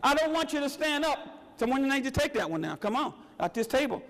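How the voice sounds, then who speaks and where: Extremely high-pitched, very animated and fairly quick, with a slightly bright tone, this man runs a motivational workshop in a large meeting room full of people at tables. The big room echoes as he repeatedly urges the crowd to bring their energy.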